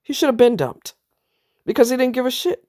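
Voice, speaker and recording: A woman's voice: high voice, animated, brisk, mellow, no room sound, studio quality. A woman vlogger telling a personal story in a blunt, emphatic way, now and then swearing. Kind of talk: casual personal monologue.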